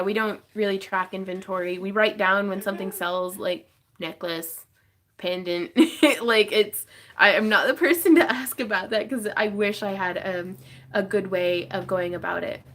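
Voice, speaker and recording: A woman's voice: mid-range voice, moderate pace, fairly bright tone. A woman hosting a casual craft livestream from her home craft room, chatting, laughing often and reading viewer comments aloud.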